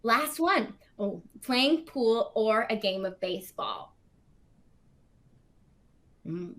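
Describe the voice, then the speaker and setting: Chatty woman with a higher voice. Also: slow. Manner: chatty, animated retelling with quoted asides. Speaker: actress promoting a film. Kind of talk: casual playful chat.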